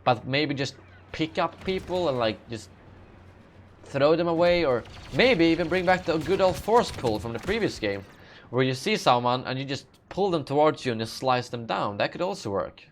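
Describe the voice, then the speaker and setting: A man's voice: fairly high pitch, animated, moderate pace, slight background noise. A young man hosting a live gaming Q&A, reading out chat questions and answering in a sleepy, rambling way with many fillers and self-corrections. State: sleepy, yawning. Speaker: gaming channel host.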